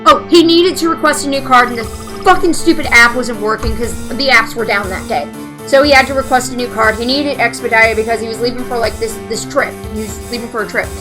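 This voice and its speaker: A woman's voice: on the high side, fairly quick, music in the background. A woman telling a story in a profane, chatty way while playing a game. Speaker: let's play gamer. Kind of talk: casual storytelling while gaming.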